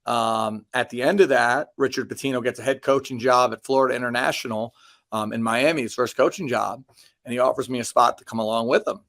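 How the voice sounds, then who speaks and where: A man in his thirties, a basketball coach appearing as a guest, answers casual interview questions about his career in a loose, rambling way full of ums and restarts, slipping in dry self-deprecating jokes. His mid-range voice is a bit bright and fairly quick. The sound is close and dry, with no room tone at all.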